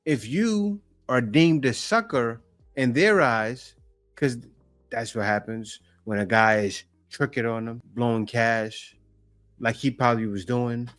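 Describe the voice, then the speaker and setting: A man's voice: medium pitch, no echo. A man giving conversational opinion commentary, posing rhetorical questions.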